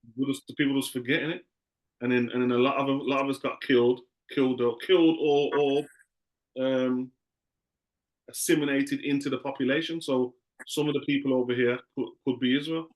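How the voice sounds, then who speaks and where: A man's voice: medium pitch, steady tone, fairly quick. A man teaching a class in a loose, conversational way, often repeating himself.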